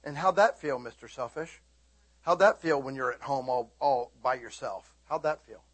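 A middle-aged male preacher telling a story in a lively, animated sermon, often shouting and laughing as he speaks to the congregation. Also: medium pitch, normal speed, slightly rough.

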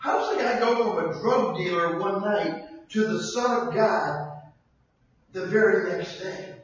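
Older preacher in an echoey church hall. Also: male voice, high-pitched, unhurried. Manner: conversational preaching with sudden shouts. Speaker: pastor. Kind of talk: sermon. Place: church sanctuary. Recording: distant echoey hall, dull sound.

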